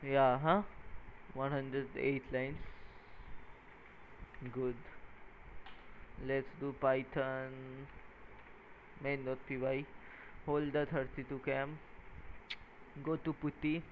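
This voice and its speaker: A tired man talking casually while he codes and wires a small electronics project, halting and counting pins out loud. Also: mid-range voice, little pitch movement. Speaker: maker coding a microcontroller project. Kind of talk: casual talk-through while working. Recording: tinny phone-like sound with faint noise.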